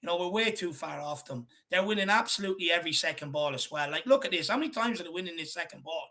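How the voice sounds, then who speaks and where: A man's voice: fairly high pitch, lively intonation, fast, pushed and bright. A man on a fan panel ranting angrily about his team's play, swearing constantly. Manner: swears constantly, rants at the team. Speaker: fan pundit.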